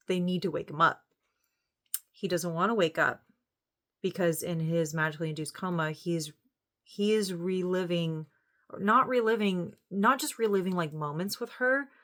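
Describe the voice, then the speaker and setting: A woman giving a casual, emotional spoken review of a TV series, near tears and sighing, talking haltingly with many restarts. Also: sits low, a bit bright.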